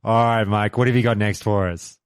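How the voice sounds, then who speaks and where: A man with a low voice hosting a casual podcast. He sounds relaxed as he prompts each guest and keeps the talk moving. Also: brisk, smooth. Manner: relaxed, moves the talk along. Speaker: podcast host. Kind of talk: casual chat.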